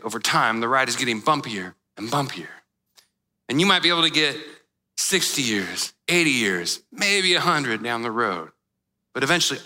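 Male pastor, very bright tone, casual storytelling sermon, long hall reverb. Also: fairly high pitch. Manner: conversational, storytelling with casual slang.

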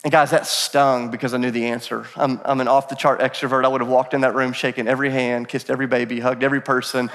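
A male pastor in his thirties preaching a sermon, telling stories in an animated way with self-deprecating humor. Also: mid-range voice, fast, few pauses. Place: church sanctuary. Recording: long church hall reverb.

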